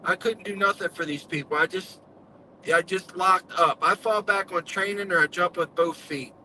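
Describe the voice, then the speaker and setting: A man's voice: sits high, fairly even intonation, normal speed, pushed and bright, slight background noise, low-quality recording. A man earnestly telling his story in casual live-stream chat, with folksy speech.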